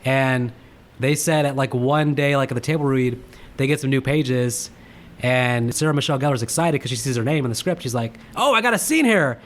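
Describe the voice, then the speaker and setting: A man's voice: medium pitch, steady tone, fairly quick. A man co-hosting a casual movie podcast, chatty and rambling as he shares film trivia. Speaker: podcast co-host.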